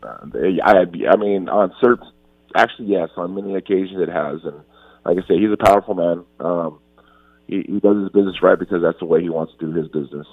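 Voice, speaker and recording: A man's voice: deep voice, fairly quick, dry recording, narrow, tinny audio. A man in his forties talking earnestly as an interview guest, often restarting and repeating himself. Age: 40s. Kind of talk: casual interview talk.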